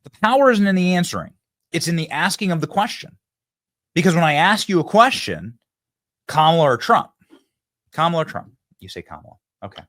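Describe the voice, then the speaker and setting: Animated male political show host. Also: high voice, fast talker. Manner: animated, repeats phrases, acts out debate lines. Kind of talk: energetic political monologue.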